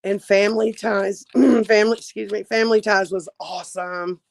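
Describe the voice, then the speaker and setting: A woman's voice: mid-range voice, steady tone, moderate pace, vocal fry, no echo, rough recording. A woman and parent speaking emphatically in a casual group chat.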